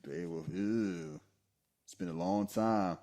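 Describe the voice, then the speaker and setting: A man co-hosting a podcast, chatting casually about a movie and jumping into high falsetto voices for its lines. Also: takes it slowly, mellow. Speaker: podcast co-host. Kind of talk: casual movie commentary chat.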